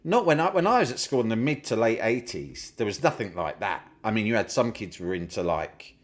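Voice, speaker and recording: A middle-aged man chats as a podcast guest, his voice low but swinging widely as he tells stories. He swears often and acts out other people's lines with bursts of volume. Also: fairly quick. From Britain. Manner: animated storyteller, swears freely, mimics his brother loudly. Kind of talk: casual chat.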